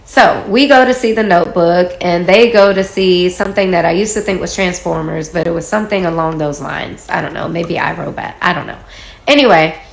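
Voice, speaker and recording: A woman's voice: lowish voice, a little fast, creaky. A woman in her forties telling a personal story in a casual, chatty way, acting out the quoted dialogue. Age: 40s. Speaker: storyteller in a social media video. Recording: echoey room.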